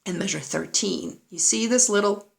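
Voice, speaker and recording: A woman's voice: mid-range voice, moderate pace, creaky. A woman piano teacher giving a play-along lesson, patiently explaining and counting rhythms aloud, with a piano playing behind her. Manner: patient, checks in with "right?" often; counts and sings rhythms aloud while demonstrating. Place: room with a piano.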